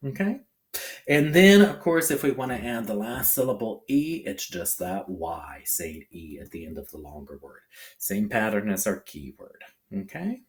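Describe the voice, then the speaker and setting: A man teaching a phonics lesson to young pupils, slowly sounding out syllables and checking in with a bouncy "okay?". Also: lowish voice, expressive. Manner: slow, exaggerated sounding-out of syllables; ends phrases with a bouncy "okay?".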